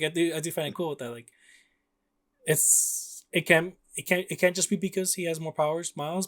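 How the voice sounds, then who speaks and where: Co-hosting a podcast, a young man with a mid-range voice talks loosely about a video game, his speech full of filler words and frequent laughter.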